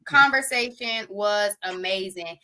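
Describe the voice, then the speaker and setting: A woman with a bright, crisp voice co-hosts a casual podcast. She plugs episodes in an upbeat, promotional way and calls her listeners "y'all". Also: medium pitch, measured pace. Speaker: podcast co-host. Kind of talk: casual chat with show promotion.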